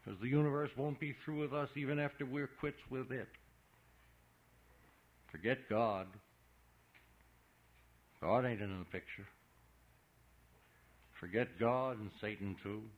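A man's voice: mid-range voice, measured pace, long pauses, lightly acted. A man reading an audiobook, voicing a big, blustering small-town man who scolds a boy in folksy, ungrammatical talk. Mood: hectoring. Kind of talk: audiobook character voice. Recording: dull lo-fi recording.

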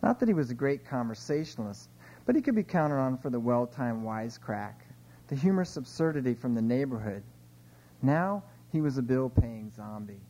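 Man reading his stories aloud, mellow. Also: mid-range voice, normal speed, lo-fi sound. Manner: relaxed, chatty asides between dry readings. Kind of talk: informal live reading of short fiction.

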